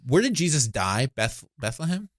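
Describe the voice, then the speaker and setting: A man in his thirties hosts a comedic podcast, his mid-pitched voice rambling along and breaking off mid-thought. He laughs easily as he talks. The sound is dry and close, with no room around it. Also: sing-song, no echo. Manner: rambling, self-interrupting, quick to laugh. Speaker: podcast host. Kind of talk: casual comedic chat.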